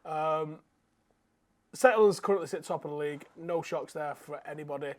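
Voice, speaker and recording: A man with a voice pitched a little above the usual male range, co-hosting a casual sports podcast. His commentary is dry and exasperated, with an easygoing, matey delivery. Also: moderate pace. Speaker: podcast co-host. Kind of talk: casual chat.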